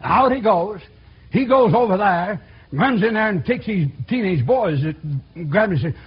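A man preaching a sermon in a church, folksy and animated, acting out quotes with sudden loud outbursts. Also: a little high, moderate pace, slightly rough. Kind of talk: sermon with storytelling. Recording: dull lo-fi recording.

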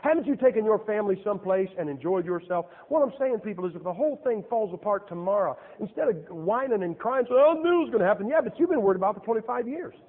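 A middle-aged male preacher with a fairly high voice that swoops up and down as he jokes and fires off rhetorical questions. His folksy sermon comes through a tinny, phone-like recording. A long reverb trails every line. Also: lively intonation, quick pace, hardly any pauses. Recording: tinny, echoey church recording.

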